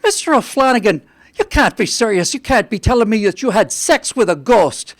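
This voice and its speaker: A man's voice: sits high, sing-song, no echo, studio quality, voice pushed up. A man voicing a stern young Irish priest with an Irish accent, preaching indignantly to his congregation. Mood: scandalized. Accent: Irish, put on. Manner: preachy, indignant, drawn-out sermon delivery.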